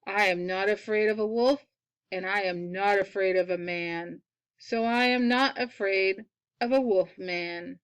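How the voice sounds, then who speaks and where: A woman voicing a stern, humorless armored dark lord while reading a picture book aloud, with flat, curt denials. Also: mid-range voice, a little slow, clear, resonant tone, no room sound, close to an everyday voice. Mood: dismissive.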